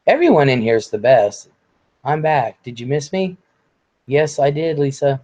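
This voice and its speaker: A man hosting a live stream in a relaxed, blunt way, reading viewer comments aloud and swearing casually. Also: mid-range voice, normal speed.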